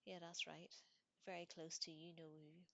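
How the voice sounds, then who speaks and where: Woman doing a chatty bus conductor lad, whispered storybook reading, low husky gossip voice. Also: normal speed, dry recording, heavily acted. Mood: gossipy. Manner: gossipy, excitable, dramatic whispering.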